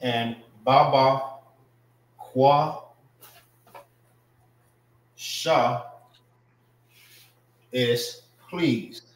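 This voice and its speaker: A man teaching an informal class, explaining words slowly, often checking in with "all right" and speaking. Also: medium pitch, steady tone, roomy sound, low-quality recording. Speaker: class instructor.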